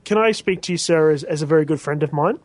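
High-voiced joking podcast man. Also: fast talker, no room sound. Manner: crude joking, deadpan punchlines. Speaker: podcast co-host. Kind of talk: casual podcast banter.

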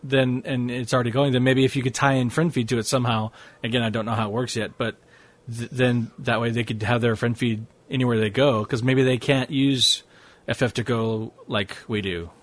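A man's voice: mid-range voice, fairly even intonation, fairly quick. A man co-hosting a casual tech podcast, easygoing and joking, laughing along with his co-host.

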